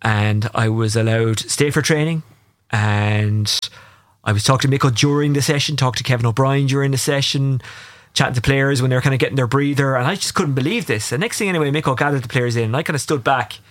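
An Irish man co-hosting a radio sports show, telling animated anecdotes with quoted dialogue. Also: medium pitch, fairly quick. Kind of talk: casual radio chat, storytelling.

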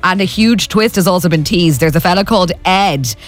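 A woman's voice: fairly low pitch, a little fast. An Irish woman co-hosting a radio breakfast show, cheerfully reading out entertainment news and laughing often.

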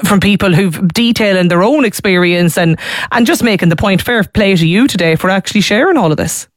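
A woman's voice: mid-range voice, brisk, dry recording, studio quality. Donegal woman hosting a radio show. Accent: Donegal Irish. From Donegal, Ireland. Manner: warm, chatty, with many restarts. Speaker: radio host. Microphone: studio mic.

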